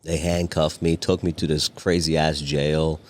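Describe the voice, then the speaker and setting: Very deep-voiced man telling a story. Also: measured pace. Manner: animated, profane storyteller acting out voices. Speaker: podcast guest, cigar company owner. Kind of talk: casual storytelling chat.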